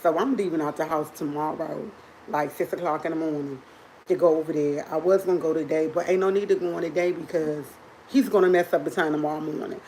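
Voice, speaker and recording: A woman hosting a livestream, telling a funny story to her viewers in an animated, chatty way and laughing often. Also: deep voice, fast, slight background noise, poor audio. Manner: drinks coffee while talking. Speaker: livestream host.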